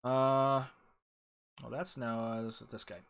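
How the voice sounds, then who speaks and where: A man giving casual gameplay commentary with mumbled, unhurried asides. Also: medium pitch, little pitch movement, gravelly, a bit bright, smooth. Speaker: let's play streamer.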